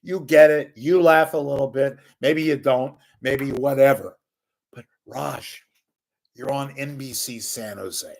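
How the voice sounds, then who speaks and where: A man's voice: mid-range voice, unhurried, gravelly. An older man giving a sarcastic, scornful solo rant as a media commentator, swearing freely.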